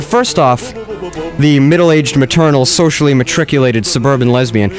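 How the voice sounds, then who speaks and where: A man hosting a comedy podcast, rambling through a mock-earnest monologue with many restarts. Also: medium pitch. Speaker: podcast host.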